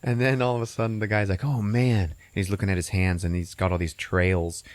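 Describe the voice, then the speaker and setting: A man hosting a podcast, retelling a movie in a casual, profane, animated way, laughing often. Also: sits low, brisk, no echo. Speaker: podcast host.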